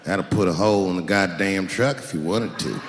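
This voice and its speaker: A male comedian voicing a blunt rural gun shop clerk, talking in a low, slow folksy drawl. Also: reverberant, big-room sound, slight background noise. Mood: deadpan folksy.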